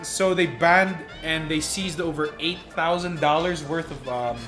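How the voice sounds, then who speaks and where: A man's voice: on the high side, a little slow. A man co-hosting a gaming podcast, rambling through news with restarts. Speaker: podcast co-host. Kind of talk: casual podcast chat. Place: shared room, four hosts on one mic. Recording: roomy room with music behind.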